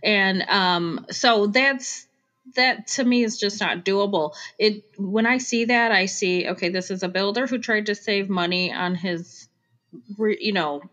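A woman's voice: mid-range voice, measured pace, fairly bright tone. A middle-aged woman with a Chicago accent, chatting casually about home design with frequent restarts. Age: Generation X. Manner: chatty, self-interrupting, laughs easily. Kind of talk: casual chat. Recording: dull lo-fi recording.

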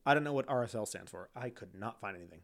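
A man's voice: fairly low pitch, expressive, rapid-fire, creaky. A man co-hosting a casual true-crime podcast, reading case notes with joking asides and frequent laughter. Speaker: podcast co-host.

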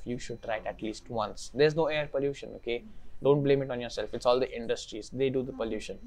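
A man's voice: medium pitch, slight background noise. A young man from India hosting a podcast, telling a story casually and acting out the people he quotes. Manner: animated, acts out quoted people. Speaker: podcast host.

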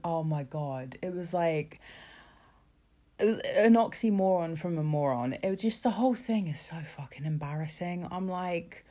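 A woman's voice: on the low side, animated, normal speed, warm tone. A woman ranting casually about politics, sarcastic and exasperated, swearing freely and filling with asides. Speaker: vlogger.

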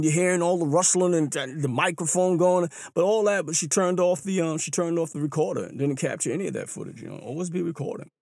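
A man telling stories in a casual monologue, animated and acting out the voices of other people. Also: no room sound, studio quality. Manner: animated, mimics bystanders with exaggerated pitch jumps. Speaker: runner and storyteller. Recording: clear hip hop music behind the voice.

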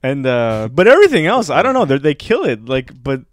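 A man's voice: fairly high pitch, huge pitch swings, fairly quick, no echo, clean studio sound. A man co-hosting a podcast in loose, casual chat, swearing and laughing freely. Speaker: podcast co-host.

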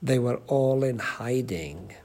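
A man leads a Bible study group, teaching slowly with plenty of ums and putting questions to the group. His mid-range voice is animated and a little mellow.

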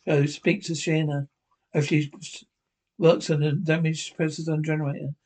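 A man with a somewhat high voice reads out a fan-made scene description of a TV episode. His delivery is halting, full of restarts and repeated words as he works through the text. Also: level tone, darkish tone. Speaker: narrator.

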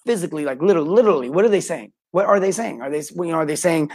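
A middle-aged man hosting a live coaching talk for plumbers, energetic, greeting viewers by name and acting out what customers say. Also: a little high, rapid-fire, few pauses. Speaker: podcast host and plumbing sales coach.

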